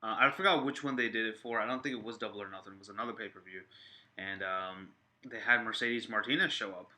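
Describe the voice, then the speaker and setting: A man chatting casually on a live stream, rambling with many fillers and restarts and getting excited. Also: lowish voice, fast talker. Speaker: wrestling vlogger reacting to viewer comments.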